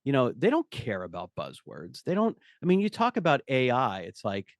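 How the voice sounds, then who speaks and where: A man's voice: mid-range voice, normal speed, no room sound, clean studio sound. A middle-aged man, a company CEO, talking as a podcast guest and telling stories, acting out the people he quotes. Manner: animated storyteller, acts out quotes. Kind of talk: conversational podcast interview.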